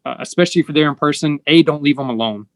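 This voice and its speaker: A man's voice: on the high side, fast talker, no echo. Guy hosting a chat, earnest and explaining stuff, dry close sound. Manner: earnest, explanatory, acts out quoted lines. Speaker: host. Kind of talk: casual conversational interview.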